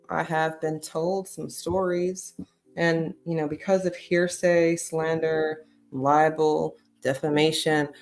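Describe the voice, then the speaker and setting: A woman commentator speaking in a fairly low voice, blunt and emphatic, swearing freely as she makes her points. Faint music plays under her. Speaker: commentary host. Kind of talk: casual commentary.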